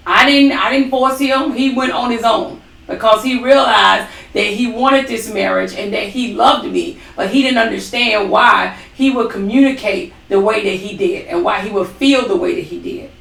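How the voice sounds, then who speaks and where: A woman's voice: medium pitch, moderate pace, vocal fry, few pauses, fairly bright tone, distant mic. A woman co-hosting a ministry talk, giving an emphatic testimony with dramatic quoted asides. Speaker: ministry co-host. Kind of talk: testimony-style faith talk. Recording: echoey room, away from the mic.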